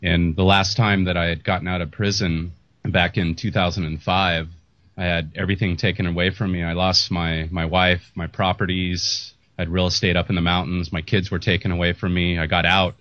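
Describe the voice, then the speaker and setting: A middle-aged man speaks in a very low register, his talk candid, emotional and prone to restarts. The sound is dry and close, with a muffled lo-fi quality. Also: level tone, a little fast, fairly bright tone, dry recording. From United States. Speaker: podcast host. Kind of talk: earnest interview talk. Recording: muffled lo-fi audio.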